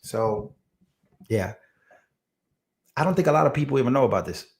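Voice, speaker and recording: A man's voice: mid-range voice, animated, moderate pace, creaky. A man with a Hispanic accent hosting a casual political livestream, chatting with his viewers, laughing at himself and tripping over long words. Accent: Hispanic-accented English.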